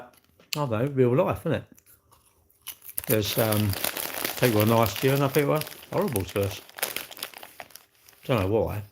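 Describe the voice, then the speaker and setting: A man's voice: mid-range voice, background noise. Rambling man livestreaming. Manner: rambling, chatty, greeting viewers by name mid-sentence. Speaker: livestream host. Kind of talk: casual live-stream chat.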